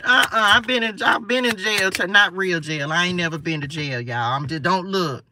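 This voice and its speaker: A woman reads tarot live in a very bright, sharp voice. She chats playfully with her viewers and laughs easily. She sits a little distant from the mic. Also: on the low side, normal speed, hardly any pauses, slight background noise. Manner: chatty and playful, talks to viewers as y'all; laughs often, asides to spirits. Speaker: spiritual tarot reader. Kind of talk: live tarot card reading. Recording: voice a bit far from the mic.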